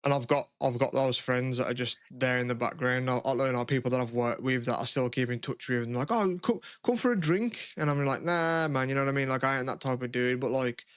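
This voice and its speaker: A man's voice: medium pitch, monotone, fast, few pauses, fairly bright tone, clear, resonant tone, dry recording, studio quality. A man co-hosting a podcast, chatting casually and rambling, with lots of swearing and filler words. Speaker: podcast co-host. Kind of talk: casual chat.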